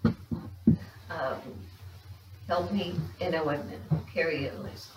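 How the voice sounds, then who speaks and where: A man's voice: on the high side, fairly even intonation, slow pace. A man in the congregation answering hesitantly after being put on the spot. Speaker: congregation member. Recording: distant, echoey, noisy room.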